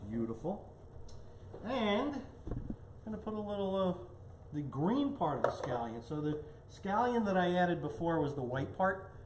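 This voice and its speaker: A man with a slightly high voice hosts a relaxed home cooking show, chatting away as he plates and tastes. His voice rings around an echoey kitchen with a faint hiss underneath. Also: measured pace. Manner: chatty, talks while tasting and plating. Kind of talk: casual cooking demonstration.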